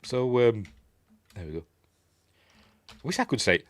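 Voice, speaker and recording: A man's voice: medium pitch, sing-song, moderate pace. A man with a Yorkshire accent hosting a casual film breakdown, rambling and chuckling as he acts out the characters' lines. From Yorkshire, England. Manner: rambling and chatty, chuckling, acting out quoted lines in raised voices. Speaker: film review host.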